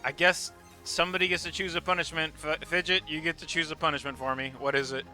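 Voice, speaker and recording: Male streamer host, high pitched, sharp bright voice, lots of laughs, faint music behind. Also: flat delivery, fast talker. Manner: laughing, joking with friends. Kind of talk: casual live-stream chat.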